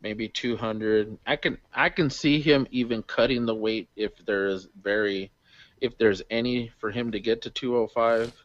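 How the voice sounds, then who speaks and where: A man co-hosting a casual wrestling podcast, excitable and quick to laugh, recapping the show. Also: medium pitch, no echo. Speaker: podcast co-host. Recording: dull dry home mic.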